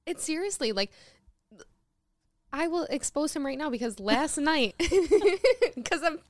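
A young woman co-hosting a podcast, telling stories in a lively way and acting out what others said, laughing as she goes. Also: sits high, moderate pace, dry recording, studio quality. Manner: animated storytelling, acts out quotes with laughter. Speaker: podcast co-host. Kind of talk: casual chat.

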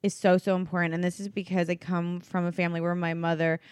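A young woman with a slightly low voice reads out listener questions and muses on them in an earnest, thoughtful way. The sound is dry and close, with no room around it. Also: little pitch movement, fast talker, darkish tone, smooth, no room sound. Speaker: podcast co-host reading listener questions. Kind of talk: casual chat.

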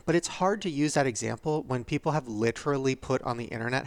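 A man's voice: mid-range voice, fast talker, hardly any pauses, dry recording. A man in his thirties hosting a podcast, speaking candidly and vulnerably, tearful and laughing through it. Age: 30s. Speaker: podcast host. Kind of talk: confessional podcast monologue.

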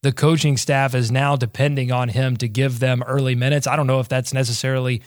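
A man's voice: mid-range voice, level tone, fairly quick, no echo, studio quality. A man with a head cold giving rambling, thoughtful analysis as a co-host on a casual sports podcast. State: has a cold, voice deeper than usual.

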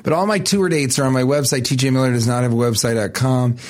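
A man co-hosting a comedy podcast, trading crude deadpan jokes in casual banter. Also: mid-range voice, fast talker.

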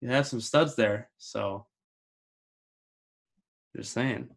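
Laid-back man pitching a sports idea. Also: very slow, vocal fry. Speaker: co-host. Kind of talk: casual sports talk.

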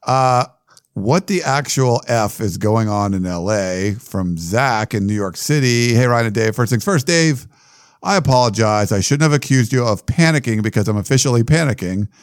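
A man co-hosting a sports podcast in casual chat, reading listener questions out loud with loose asides. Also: medium pitch, lively intonation, moderate pace, no room sound, studio quality. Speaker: podcast co-host.

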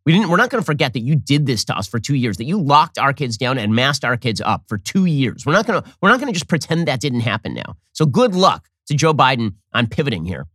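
A man's voice: medium pitch, sing-song, fairly bright tone, no echo, clean studio sound. A man hosting a political commentary show, reading news excerpts aloud and answering them with combative sarcasm. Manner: sarcastic, combative, rapid-fire delivery.

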